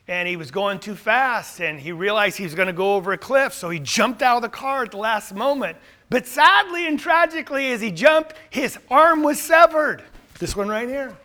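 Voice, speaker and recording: A middle-aged pastor preaching a sermon, animated and full of rhetorical questions. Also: male voice, high voice.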